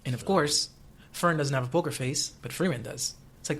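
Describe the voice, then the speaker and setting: A young man co-hosting a casual podcast chat, joking and animated, laughing often. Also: on the high side, a little fast, slightly rough. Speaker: podcast co-host.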